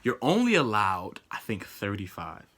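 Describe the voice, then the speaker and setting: A young man vlogger telling a story casually, acting out the people in it with sudden high outbursts. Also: normal speed. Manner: animated, acts out quotes with sudden high-pitched outbursts.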